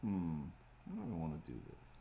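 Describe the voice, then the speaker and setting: A man's voice: rumbling low, very animated, normal speed, vocal fry, warm tone, slight background noise. A man hosting a livestream, chatting casually and rambling as he draws, with lots of filler words. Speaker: livestream host. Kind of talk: casual chat while drawing on a livestream.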